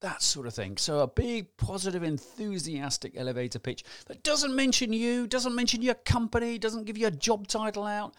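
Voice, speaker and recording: A man coaching business owners in a lively, chatty motivational talk, with a fairly high voice. He keeps firing rhetorical questions and acting out little examples. The sound is dry and close, with no room echo. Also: moderate pace, few pauses. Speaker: business trainer.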